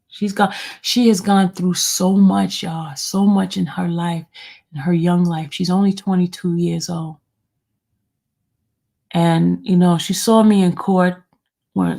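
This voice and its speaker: A woman's voice: lowish voice, creaky, darkish tone. A middle-aged woman hosting a casual, emotional chat, talking straight to her viewers as "y'all.". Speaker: livestream host.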